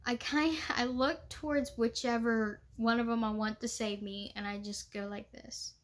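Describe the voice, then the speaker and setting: A woman's voice: fairly high pitch, fairly even intonation, normal speed. A young woman reenactor talking in a casual, chatty way, with many fillers and laughs. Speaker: living history reenactor. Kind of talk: casual vlog talk.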